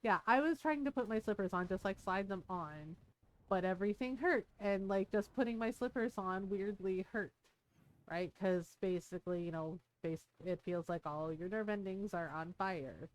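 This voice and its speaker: A woman's voice: mid-range voice, moderate pace. A woman streamer chatting casually between game scenes, candid and emotional, laughing as she tells a personal story and acting out what people said. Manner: animated when acting out quotes.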